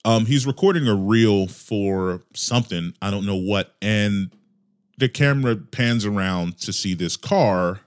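A man riffs through a comedic podcast monologue, his voice jumping from loud exclamations to low mutters. He talks casually and swears freely, keeping an animated, restless energy. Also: unhurried. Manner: animated, profane ranting with mock voices. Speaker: podcast host.

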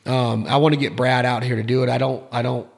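A man hosts a relaxed interview podcast, piling one thought onto the next. He speaks with enthusiasm and often stumbles over repeated words. His pitch sits in the middle of the male range. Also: fast talker. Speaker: podcast host. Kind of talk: casual interview chat.

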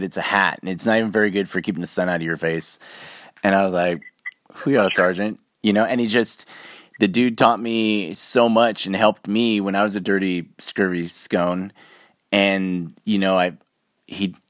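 Earnest rambling man, low dry voice. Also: no echo. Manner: rambling, earnest, acts out quoted people. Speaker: podcast guest, military veteran. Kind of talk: casual interview storytelling.

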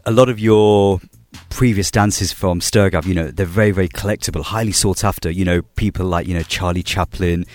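A man with a very deep, low voice interviews a guest, speaking politely and with clear admiration. Faint music sits behind him. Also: fairly even intonation, a little fast, a little mellow, no room sound, studio quality. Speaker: interviewer, radio DJ. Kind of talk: interview questions.

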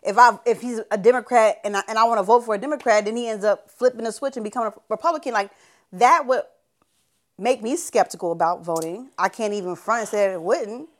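A woman's voice: fairly high pitch, fast. Blunt, slangy woman in casual chat. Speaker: podcast co-host.

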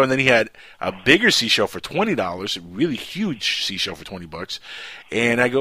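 A man hosting a radio show, chatty storyteller who drops his voice low for asides. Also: sing-song, quick pace, sharp tone, dry recording. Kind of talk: casual radio chat.

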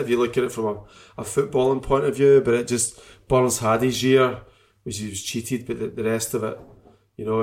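A man talks football in a loose, emotional way, circling back and restarting his sentences. His voice sits in a middle pitch. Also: a little mellow. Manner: emotional, rambling, trailing off and restarting. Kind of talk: casual chat about football.

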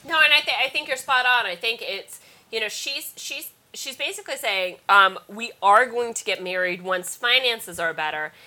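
A woman's voice: fairly high pitch, expressive, normal speed, bright, forceful tone. A woman hosting a podcast, chatting casually, laughing often and acting out little quotes. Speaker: podcast host. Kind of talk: casual chat.

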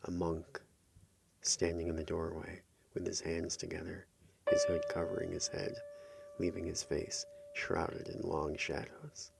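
Deep-voiced man narrating a horror story. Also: huge pitch swings, a little slow, creaky, a little hiss or hum.

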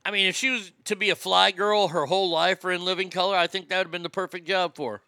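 Bright, sharp-voiced man ranting crudely. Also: high-pitched, steady tone, fast, clear, resonant tone, no echo. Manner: loud, profane, mocking, laughs at own jokes. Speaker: comedy podcast host. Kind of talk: crude comedic rant.

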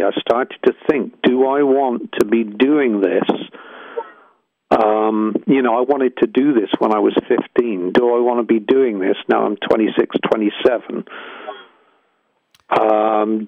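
Brief: male musician guest, halting and reflective, tinny phone-quality recording. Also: medium pitch. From England. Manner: hesitant, searching, many restarts. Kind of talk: reflective interview storytelling.

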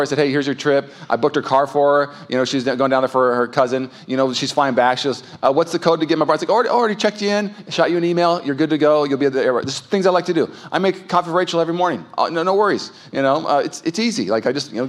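A man in his thirties preaching a sermon as pastor, telling candid, self-mocking stories with sudden comic outbursts. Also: fairly high pitch. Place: church stage.

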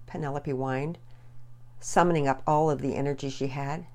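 A woman narrating a children's storybook in a measured, expressive reading. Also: a bass voice.

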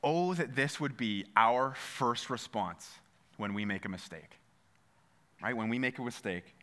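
A man's voice: mid-range voice, unhurried, sharp tone. A man preaching a sermon in a church, earnest, often repeating phrases and speaking straight to his listeners. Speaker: pastor.

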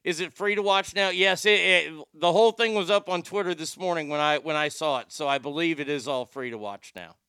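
A man hosting a livestream in a rambling, profane way, his voice a little higher than most men's and edged with gravelly fry. It comes across bright and crisp, recorded close and dry. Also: fairly quick, few pauses, no room sound. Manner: rambling and profane, with frequent restarts. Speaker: livestream host reading viewer chat. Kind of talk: casual livestream chat.

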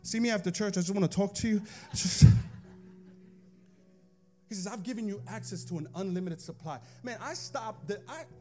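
A man preaching a sermon in church, moving between chatty asides to the congregation and sing-song, shouted cadences. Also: sits high, normal speed, faint music behind. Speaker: pastor.

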